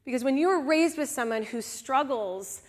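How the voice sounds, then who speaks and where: A woman speaking to a live audience, telling funny and candid personal stories in an animated way. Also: high voice, normal speed. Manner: animated, humorous, confessional. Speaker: guest speaker at a women's event. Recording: long hall reverb.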